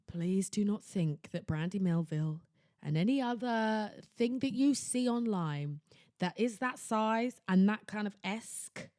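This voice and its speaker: A young woman hosting a podcast, talking in a theatrical, exclamatory way that jumps between loud outbursts and hushed asides. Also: mid-range voice, no echo, studio quality. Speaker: podcast host. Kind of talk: casual chatty monologue. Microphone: laptop recording setup.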